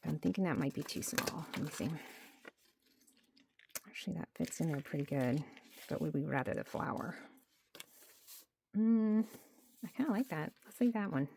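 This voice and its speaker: Gravelly-voiced woman chatting over her craft desk. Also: low-pitched, animated, normal speed, pauses often, darkish tone, a little hiss or hum. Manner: thinks aloud, chatty, dips to near-whisper. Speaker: journaling creator. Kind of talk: casual crafting narration. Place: home craft desk under lights.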